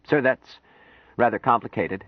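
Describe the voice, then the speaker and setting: A man's voice: medium pitch, measured pace, breathy edge, no room sound, dull audio, voice pushed up. A man voicing a stiff, flustered young military officer in an audiobook. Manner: stiff, hesitant, formal.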